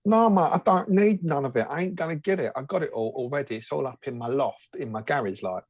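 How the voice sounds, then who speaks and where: A man's voice: medium pitch, fast, darkish tone, husky, no room sound, studio quality, close to an everyday voice. A man doing an East End London accent for a blunt, dismissive man.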